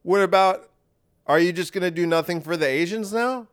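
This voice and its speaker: A man's voice: high-pitched, normal speed, clear, resonant tone, voice pushed up, close to an everyday voice. A man putting on the voice of an exasperated man demanding to know why nothing was done. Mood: incredulous. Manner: incredulous, pleading questions. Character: exasperated man complaining he was left behind.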